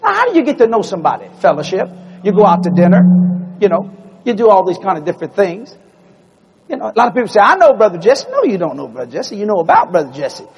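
A man's voice: high voice, fast talker, creaky, long reverb tail, slight background noise. A man preaching a folksy storytelling sermon and acting out dialogue. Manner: folksy, animated, acts out dialogue.

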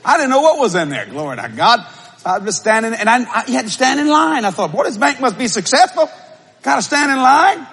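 A man preaching a sermon and telling a story, with shouted bursts and laughing asides. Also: very high voice, sing-song, brisk, slightly rough. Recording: live audience, faint crowd noise.

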